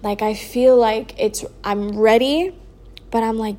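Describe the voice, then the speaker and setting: A young woman tells a personal story on her vlog in a fairly high, steady voice. She sounds sleepy and yawns, drawing her words out slowly with lots of "like" and soft trailing asides.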